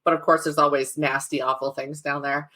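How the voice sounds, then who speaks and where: A woman's voice: low-pitched, little pitch movement, fairly quick, sharp tone. A woman hosting a true-crime podcast, chatting and telling a case with laughing asides. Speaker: podcast host. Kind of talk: casual chat and true-crime storytelling.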